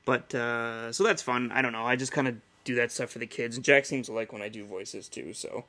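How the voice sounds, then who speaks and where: A man's voice: medium pitch, fairly quick, bright, forceful tone. A man in his thirties hosting a casual solo podcast, rambling and chatty with lots of fillers. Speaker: podcast host.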